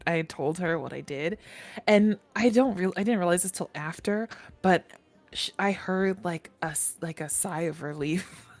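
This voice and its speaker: A woman telling a long personal story in casual chat, animated, laughing often and swearing freely. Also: fairly low pitch, normal speed.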